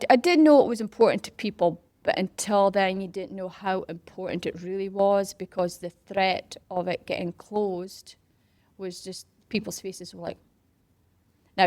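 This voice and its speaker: Animated woman telling a story. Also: medium pitch, dry recording. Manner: animated, acts out quoted voices and whispers for effect. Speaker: interview guest, parkrun organiser. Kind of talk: casual storytelling.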